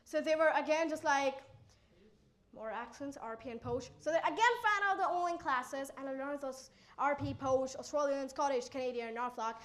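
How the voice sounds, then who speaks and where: With a high-pitched voice at a moderate pace, this Indian teenager shares her life story in Indian-accented English as a motivational speaker. She is animated, performing the quoted exchanges herself.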